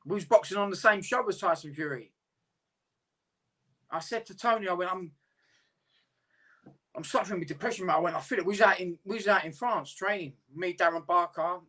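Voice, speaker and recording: A man's voice: high voice, bright, forceful tone. A man, a boxer talking candidly and at length in a casual interview, swearing freely.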